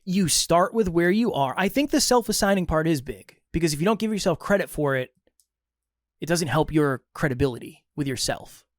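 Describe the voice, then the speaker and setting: A man's voice: fairly high pitch, normal speed, no room sound, studio quality. A young adult man from Massachusetts, co-hosting a podcast in casual chat and acting out dialogue as he tells a story. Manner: animated storyteller, acts out quoted dialogue. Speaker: podcast co-host.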